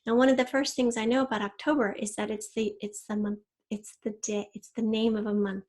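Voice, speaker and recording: Woman teacher, slightly high voice, patient and methodical in a recorded kids' spelling lesson, drawing out each target word. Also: flat delivery, fairly quick, a little mellow. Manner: patient, step-by-step, stretches out target words. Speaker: third grade teacher.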